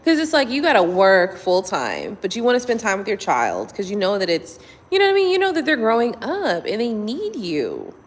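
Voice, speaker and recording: A woman's voice: medium pitch, wildly swooping pitch, normal speed, long reverb tail. A woman doing a blunt, profane casual chat with her live viewers, talking to them from home at night. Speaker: tarot reader.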